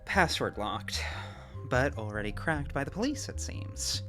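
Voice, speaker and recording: Brief: man, animated pitch, dry wry asides, reads game text. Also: unhurried, music in the background. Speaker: player reading game text. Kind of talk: casual chat among friends.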